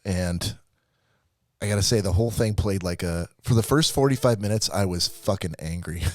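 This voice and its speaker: A man's voice: sits low, moderate pace, dry recording. A man co-hosting a podcast, ranting and laughing through a profane movie review in casual chat. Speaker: podcast co-host.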